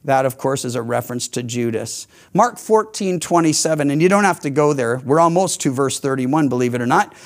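A man preaching a sermon, telling the story with lively quoted lines and frequent restarts. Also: medium pitch, fairly quick, few pauses. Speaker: pastor.

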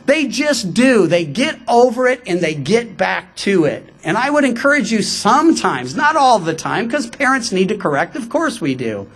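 A man's voice: high voice, big pitch swings, fairly bright tone. Man preaching a conversational sermon. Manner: conversational, emphatic, slows for quoted scripture. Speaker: pastor. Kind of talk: radio sermon.

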